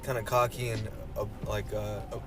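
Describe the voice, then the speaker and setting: A man's voice: lowish voice, little pitch movement, moderate pace, over music. A young man co-hosting a podcast, telling a long rambling story in casual chat, full of fillers and swearing. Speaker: podcast co-host.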